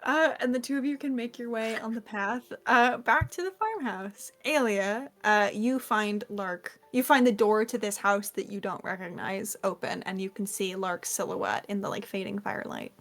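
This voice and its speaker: A woman's voice: medium pitch, moderate pace, hardly any pauses, a bit bright. A woman running a tabletop game, narrating scenes and joking casually with her players. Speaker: game master.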